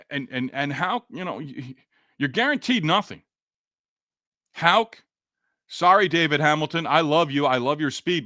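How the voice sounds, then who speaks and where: A man with a Boston accent hosts a casual sports podcast, reading listener comments in a frustrated, sarcastic, rambling manner. His voice is fairly high with a sharp tone, recorded dry at studio quality.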